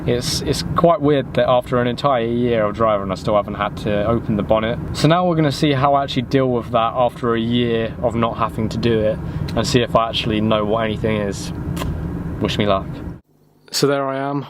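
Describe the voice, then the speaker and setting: A man's voice: medium pitch, brisk, background noise. A young man from the United Kingdom, chatting casually and self-deprecatingly in a vlog, rambling with fillers. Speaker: vlogger. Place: in a car and outdoors by a house.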